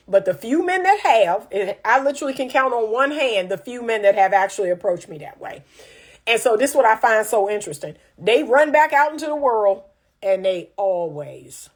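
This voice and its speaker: A woman relationship coach chatting casually and reading viewer comments. She is emphatic and repeats lines for punch. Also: mid-range voice.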